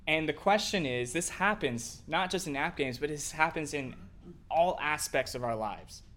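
A man's voice: a little high, lively intonation, moderate pace, fairly bright tone. A man co-hosting a casual faith discussion, talking in an earnest, reflective way. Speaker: co-host.

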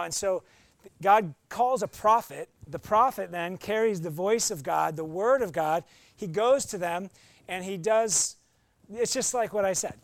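High-voiced playful male pastor. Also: measured pace, vocal fry, dry recording. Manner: playful, acts out voices and quotes. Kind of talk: sermon.

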